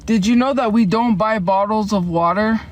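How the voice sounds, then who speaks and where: A woman's voice: mid-range voice, slight background noise. Defensive rambling woman streaming from a car. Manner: defensive, rambling, answers chat with quick laughs. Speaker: livestreamer. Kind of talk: casual livestream chat. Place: inside a car.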